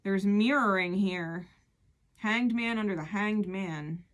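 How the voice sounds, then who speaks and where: A woman's voice: medium pitch, slow pace. A woman giving an earnest, emphatic tarot reading who repeats key phrases as she pulls cards. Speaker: tarot reader.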